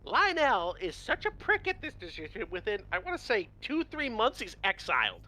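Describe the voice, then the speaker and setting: A man casually retelling fantasy lore to friends, animated and profane, acting out the characters' lines. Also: high voice, moderate pace. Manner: animated, profane, acts out quotes. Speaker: lore presenter on a miniature painting show.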